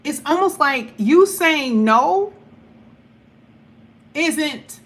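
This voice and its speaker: A woman reading tarot cards straight to her viewers, her voice bright and fairly high. She talks in a chatty, blunt, animated way and keeps breaking into quick asides. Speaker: tarot reader. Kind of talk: casual tarot reading to camera.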